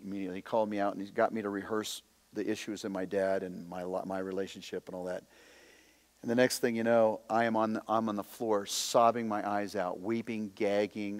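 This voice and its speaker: A man teaching in a preaching style, impassioned, swinging between loud emphasis and hushed, confessional storytelling. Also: on the low side, long reverb tail. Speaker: instructor.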